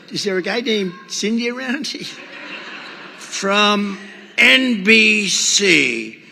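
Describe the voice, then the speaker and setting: A man's voice: high-pitched, sharp tone, long reverb tail. An older man giving a rambling, boastful rally speech, acting out quoted exchanges. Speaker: political speaker at a rally. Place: large rally venue.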